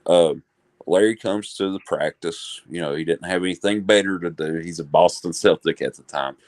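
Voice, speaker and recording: A man's voice: low-pitched, moderate pace, darkish tone, no echo. A man co-hosting a sports podcast, chatting casually and telling long, rambling stories with lots of fillers. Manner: rambling storyteller, frequent fillers. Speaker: podcast co-host.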